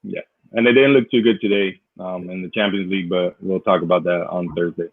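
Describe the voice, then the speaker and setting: A man with a fairly low voice chats casually about football, pausing on ums and uhs. His sound is tinny and phone-like, and it is dry and close. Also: fairly even intonation, no room sound. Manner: easygoing, hesitant with fillers. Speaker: podcast co-host. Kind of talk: casual sports chat.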